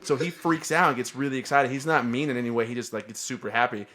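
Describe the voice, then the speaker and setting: A man co-hosting a podcast, chatting in a relaxed way and laughing often. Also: mid-range voice, quick pace. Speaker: podcast co-host. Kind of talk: casual chat.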